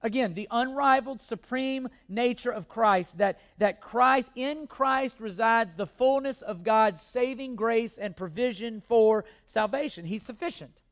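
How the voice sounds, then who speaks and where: A man's voice: extremely high pitch, a little slow, hardly any pauses. A man preaching from the pulpit, pressing his points with repeated phrases and now and then catching himself mid-word. His delivery is earnest and emphatic. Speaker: pastor. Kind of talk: sermon.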